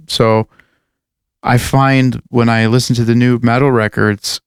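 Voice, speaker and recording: A man's voice: mid-range voice, fairly even intonation, normal speed, smooth, no room sound, studio quality. A man co-hosting a podcast, rambling casually with lots of fillers and swearing. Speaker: podcast co-host and metal musician. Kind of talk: casual chat.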